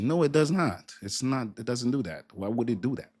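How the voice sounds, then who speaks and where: A young man hosting a casual crypto livestream, reading viewer comments aloud in a lively, colloquial way and laughing often. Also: mid-range voice, a little fast, hardly any pauses, husky.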